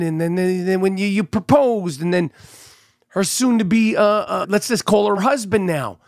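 A middle-aged man hosting a podcast, telling stories in an animated, profane way while sounding a bit sick and congested. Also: high-pitched, moderate pace, creaky, dry recording, studio quality. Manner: animated storyteller, swears freely. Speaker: podcast host. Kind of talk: casual monologue.

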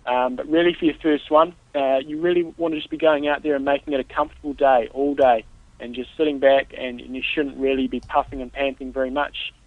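A man co-hosting a casual podcast as a triathlon coach, patiently giving steady, practical training advice. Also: medium pitch, a little fast, no room sound. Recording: tinny phone-like line, dry.

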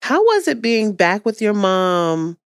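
A woman with a smooth, resonant voice co-hosting a podcast, gently drawing her guests out with questions. The sound is dry and close. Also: medium pitch, sing-song, slow, dry recording. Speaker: co-host. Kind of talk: podcast interview.

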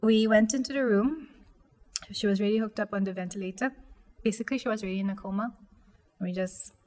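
A young woman quietly telling a personal story, halting with many fillers and restarts. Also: medium pitch.

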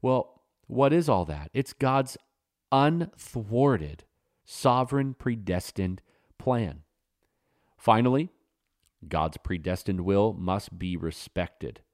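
A man in his thirties preaching an earnest, emphatic sermon, his voice jumping up in pitch when he stresses a point. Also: animated, slow, long pauses, darkish tone, no echo, studio quality. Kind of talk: sermon-style teaching.

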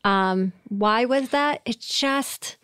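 A woman's voice: a little high, very slow, fairly bright tone, clean tone, no echo, clean studio sound. A middle-aged woman from Syracuse, New York, talking as a guest in a casual interview, candid and self-deprecating, with profane humor.

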